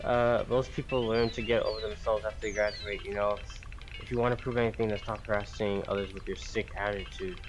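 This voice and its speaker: A man's voice: fairly low pitch, little pitch movement, a little fast, background noise, natural voice. A man reading the lines of a blunt young male student character in a plain voice. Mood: cutting. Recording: music playing loudly behind.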